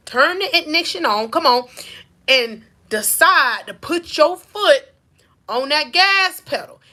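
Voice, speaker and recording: Bright high-voiced Southern woman preaching. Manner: rhythmic repetition with call-outs to listeners. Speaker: faith-based life coach. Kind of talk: preaching-style motivational talk.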